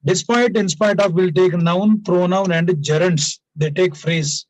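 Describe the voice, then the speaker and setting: A man's voice: high voice, fairly even intonation, measured pace, darkish tone, dry recording, rough recording. A man teaching an English grammar lesson to students, explaining usage through example sentences and repeating key points, often tagging lines with "now" and "please".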